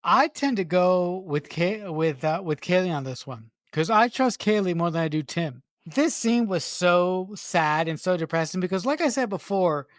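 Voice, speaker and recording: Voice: mid-range voice, lively intonation, normal speed, few pauses, no echo, studio quality. Earnest podcast co-host sharing opinions. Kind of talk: casual movie review chat.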